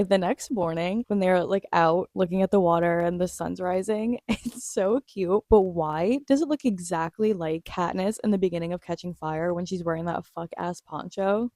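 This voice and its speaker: A young woman vlogger recapping a TV episode in gushing, excited casual chat, laughing often and swearing casually. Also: fairly low pitch, dry recording, clean studio sound.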